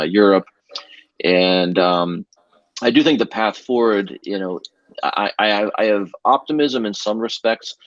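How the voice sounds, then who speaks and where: A man in a podcast discussion, speaking in a measured way with many fillers, on a dull, dry remote recording. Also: deep voice, dry recording.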